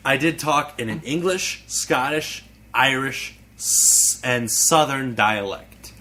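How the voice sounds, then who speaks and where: A young man co-hosting a casual podcast, telling a story in a halting, rambling way. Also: medium pitch, sharp tone. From United States. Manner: rambling, halting, restarts a lot. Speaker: podcast co-host. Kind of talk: casual chat.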